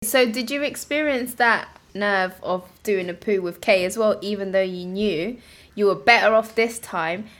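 A woman's voice: mid-range voice, moderate pace, a bit bright. A young woman, co-hosting a casual chat in a frank, giggly, teasing way. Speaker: podcast co-host.

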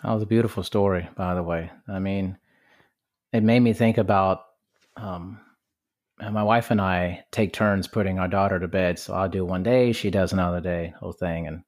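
A man hosting a podcast, chatting in a relaxed, amused way. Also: sits low, moderate pace. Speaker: podcast host. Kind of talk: casual interview chat.

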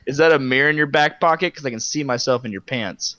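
A man's voice: mid-range voice, sharp tone, highs cut off. A man in casual chat, joking crudely and laughing often.

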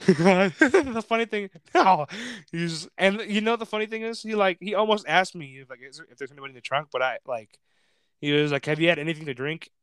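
Animated young man telling a story. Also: high voice, brisk, clean tone, dry recording, studio quality. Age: young adult. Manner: animated, swearing, laughing, acting out quotes. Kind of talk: casual storytelling.

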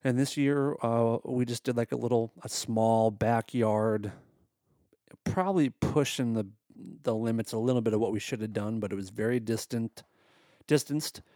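A man's voice: mid-range voice, normal speed, dark tone, no room sound, clean studio sound. A married man hosting a comedy podcast, talking in a casual monologue that is exasperated, sarcastic and full of swearing. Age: adult, married.

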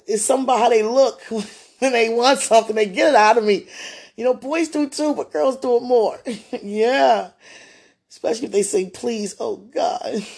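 A woman speaks in a low, gravelly register with a husky edge to her voice. She is a former childcare teacher recounting her days in a relaxed interview. She rambles warmly through her stories and breaks into laughter often. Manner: chatty, laughs often, animated retelling. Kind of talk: casual storytelling in an interview.

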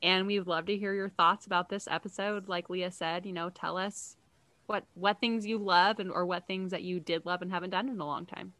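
A young woman co-hosting a podcast in casual chat, telling stories with lively energy and frequent laughter. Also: on the low side, a little fast. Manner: chatty, laughs often, lively storytelling. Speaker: podcast co-host.

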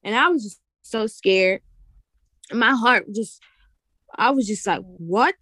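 A young woman earnestly recounting a vision in halting, repetitive casual speech. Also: fairly high pitch, bright, forceful tone, dry recording. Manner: earnest, halting, repeats herself. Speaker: guest sharing a vision. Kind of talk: casual testimony.

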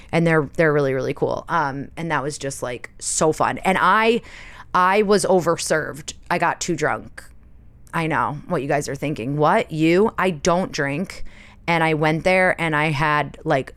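A woman talks casually as a podcast host, chatty and self-mocking, peppering her talk with "like". Her voice sits low and comes across smooth and clear. The sound is dry and close, with no room around it. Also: no room sound. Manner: chatty and animated, self-mocking, full of "like" and laughs. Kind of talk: casual chat.

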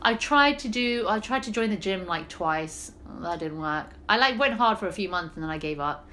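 A woman's voice: mid-range voice, lively intonation, normal speed, bright, forceful tone, a little hiss or hum. A woman, co-hosting a casual podcast chat and telling stories with a lot of laughing. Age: late 20s. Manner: chatty, laughing storyteller. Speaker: podcast co-host.

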